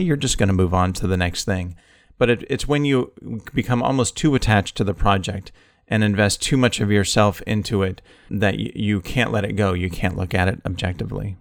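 Low-voiced man, dry close mic. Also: dry recording. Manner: relaxed, reflective, playful banter. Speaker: podcast co-host. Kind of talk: casual conversational podcast.

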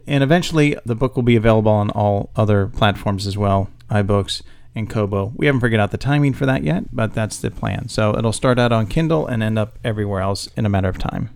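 A man's voice: on the low side, fast talker, gravelly, few pauses, a little mellow, clean tone, dry recording. A middle-aged man co-hosting a casual podcast with his daughter, teasing and laughing often. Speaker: podcast co-host.

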